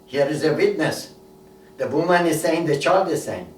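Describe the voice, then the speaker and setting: A man's voice: fairly high pitch, expressive, normal speed, a little hiss or hum. Preacher man in an echoey room. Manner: storytelling, repeats key words for emphasis. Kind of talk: sermon. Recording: echoey room, voice a bit far from mic, faint ambience.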